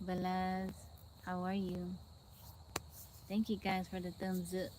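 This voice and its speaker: A woman with a slightly low voice chats easily with her live-stream viewers, greeting and thanking them one by one. She talks calm and unhurried into her phone outdoors. Faint insect and bird sounds hum behind her. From Texas, USA. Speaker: livestream host. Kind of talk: casual live-stream chat reading viewer comments. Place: outdoors in the woods by her tiny house. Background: insects and birds outdoors.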